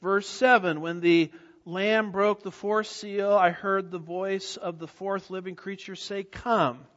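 A man's voice: sits high, flat delivery, measured pace, fairly bright tone. A man preaching a verse-by-verse sermon, emphatic, with rhetorical questions and repeated key words. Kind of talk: expository sermon. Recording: dull audio with long hall reverb.

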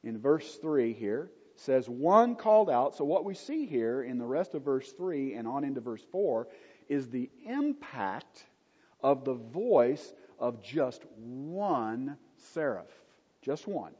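Mellow, husky man teaching in an echoey hall. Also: mid-range voice, very animated. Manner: unhurried, emphatic, with conversational asides. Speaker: Bible teacher. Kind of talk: Bible study lecture. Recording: dull lo-fi recording in a reverberant hall.

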